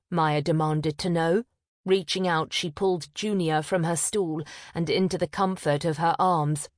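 A woman narrating a historical novel in a measured storytelling manner. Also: low-pitched, level tone, a little mellow, no room sound, studio quality. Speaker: audiobook narrator. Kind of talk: scripted narration.

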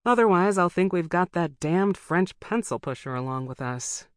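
A woman's voice: fairly low pitch, expressive, moderate pace, no room sound, clean studio sound, natural voice. A narrator voicing a blunt, breezy woman pilot. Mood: frank. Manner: direct, breezy, frank. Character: famous woman pilot, blunt and plain-spoken. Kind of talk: audiobook character voice.

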